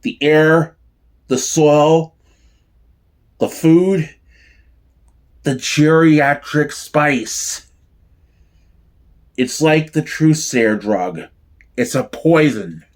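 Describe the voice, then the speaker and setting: A bitter, intense teenage nobleman speaks slowly, each phrase weighted, voiced by a man in his own range. The audiobook reading keeps a brooding, heavy pull. His bitterness stays steady. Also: a little high, pitched above the performer's own voice.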